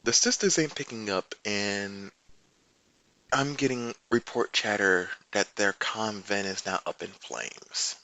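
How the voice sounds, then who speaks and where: A man voicing a female comms operative who reports bad news in a quiet, matter-of-fact way. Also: on the low side, takes it slowly, heavily acted. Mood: grim.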